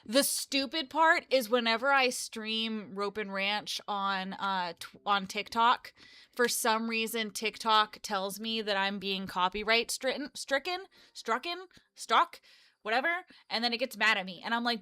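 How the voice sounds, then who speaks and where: Bright-voiced chatty young woman streamer. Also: mid-range voice, moderate pace, clean tone, no room sound. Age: 20s. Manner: rambling, chatty, self-correcting. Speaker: live streamer and game developer. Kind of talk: casual live-stream chat.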